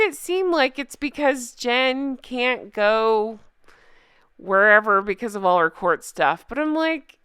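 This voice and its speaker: Woman vlogger, lively high voice, smooth and clear, dry close sound, rambling and giggly. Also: unhurried, dry recording. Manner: rambling, giggly, talks straight to viewers. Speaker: reality TV recap vlogger. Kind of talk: casual chatty recap.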